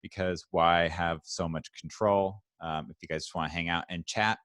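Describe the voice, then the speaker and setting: A man with a lowish voice hosts a casual livestream chat over a video call. His sound is dry and close, with no room around it. He talks in upbeat, scattered bursts and keeps interrupting himself. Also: steady tone, moderate pace, fairly bright tone, no echo. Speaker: host.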